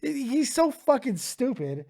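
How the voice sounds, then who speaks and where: A man's voice: extremely high pitch, very animated, a little slow, gravelly, a little mellow. A young man hosting a live stream, tired and ranting profanely at his chat while taking callers.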